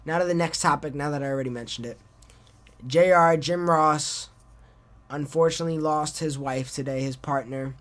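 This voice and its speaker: A man's voice: fairly high pitch, steady tone, normal speed, fairly bright tone. A young man hosting his own solo wrestling podcast, rambling casually and poking fun at his own awkward sign-offs. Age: young adult. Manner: rambling and self-deprecating, trailing off in restarts. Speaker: podcast host.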